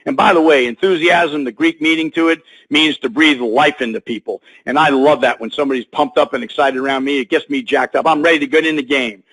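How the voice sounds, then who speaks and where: A man giving a pumped-up motivational speech on a conference call, talking loud and full of sports talk. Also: fairly high pitch, rough recording. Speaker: guest speaker on a conference call. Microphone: phone.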